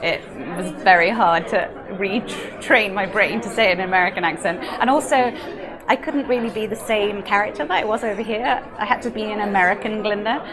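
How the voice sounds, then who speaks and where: A young musical theatre actress from England chats casually in an interview, bubbly and laughing a lot. Her voice sits at medium pitch and normal speed, with crowd noise behind her.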